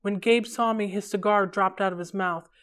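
Library read-along reader, woman, steady clear storytelling. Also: medium pitch, moderate pace. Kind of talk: reading a novel aloud.

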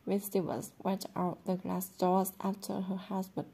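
A woman narrating a novel aloud in a steady, plain reading voice. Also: mid-range voice, unhurried, creaky, husky. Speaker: audiobook reader. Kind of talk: storybook narration.

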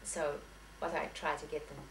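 Her voice is low-pitched and level in tone, at a moderate pace. As a piano teacher lecturing to teachers, she keeps things chatty and anecdotal, frequently backing up to restart or fix what she said, recorded from a distance in an echoey lecture room with faint hiss.

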